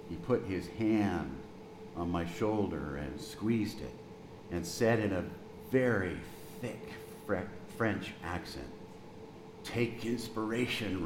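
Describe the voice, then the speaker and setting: A man in his sixties, a pastor preaching a sermon, telling a story gently and slowing down for emphasis. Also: deep voice, echoey room, background noise.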